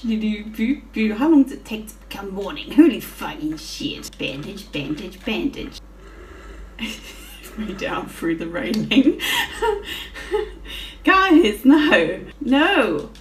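A woman's voice: on the high side, sing-song, takes it slowly, recorded from a distance, slight background noise. A woman giving casual gameplay commentary, swearing freely and giggling often as she plays. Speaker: gaming channel host. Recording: roomy with faint music.

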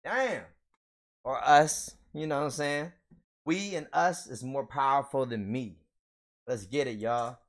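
Here a young man with a medium-pitched voice, speaking a little slowly, rips open trading card packs for his audience. The vlog is casual, and he comes across as hyped and slangy, laughing frequently.

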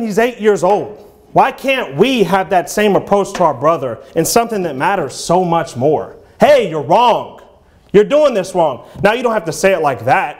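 A man in his thirties preaching in a church, talking informally and reading scripture aloud in King James English. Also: high-pitched. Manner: informal, conversational, peppered with "you know" and "man". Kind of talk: sermon.

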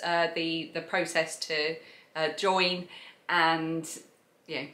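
Rambling South East London woman host, casual chat, slightly low voice. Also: pushed and bright, reverberant. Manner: chatty, enthusiastic, rambling. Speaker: podcast host.

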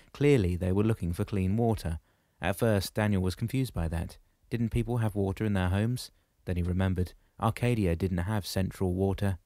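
Reading from a novel, a male narrator uses a fairly low pitch and a steady, measured storytelling style. It's scripted audiobook narration, recorded dry with clean studio sound.

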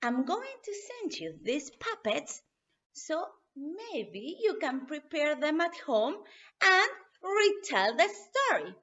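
A woman English teacher, reading a story aloud to children and talking to them in a slow, encouraging way. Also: high-pitched, sing-song, a bit bright. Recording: dull lo-fi recording.

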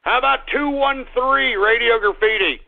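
High creaky ranting radio host man. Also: normal speed. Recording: lo-fi phone-like radio audio.

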